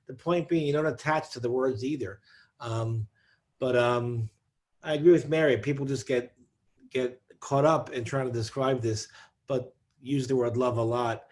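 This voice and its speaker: A man answering on a discussion panel about research, thoughtful and halting, with many restarts. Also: mid-range voice, fairly even intonation, a little mellow. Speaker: psychedelic researcher.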